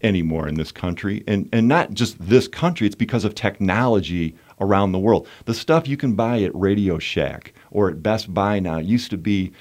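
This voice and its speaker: A man hosting a political talk radio show, measured and emphatic, building to indignant points. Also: lowish voice, lively intonation, a little mellow.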